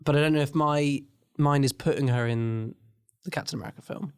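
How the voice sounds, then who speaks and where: A man co-hosting a podcast, talking in a relaxed, playfully teasing way. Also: a little high, a little fast, clean tone. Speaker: podcast co-host. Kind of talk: casual chat.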